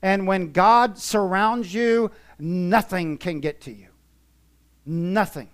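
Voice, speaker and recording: Slow, smooth-voiced man preaching a sermon. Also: sits high. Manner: emphatic, swinging from soft to loud. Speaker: pastor. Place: church.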